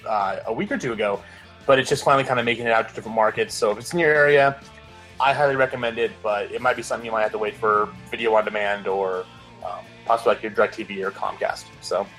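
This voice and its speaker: A man's voice: on the low side, steady tone, quick pace, fairly bright tone, soft background music, low-quality recording. A man co-hosting a casual movie podcast, laid-back and full of fillers. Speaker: co-host.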